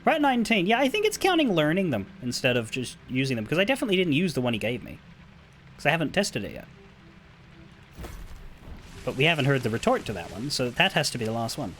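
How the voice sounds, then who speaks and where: A man's voice: fairly high pitch, big pitch swings, fast talker, pauses often, fairly bright tone, slight background noise. A man streaming a video game, thinking aloud in chatty commentary and swearing freely. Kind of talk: casual gameplay commentary.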